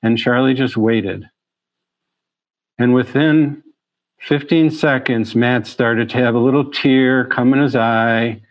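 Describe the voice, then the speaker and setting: A man's voice: medium pitch, fairly even intonation, slow, dry recording, muffled recording. A man, a physician, giving a talk on chronic pain and telling patient stories in an earnest way, often restarting his phrases. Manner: storytelling, earnest, with frequent restarts. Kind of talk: presentation.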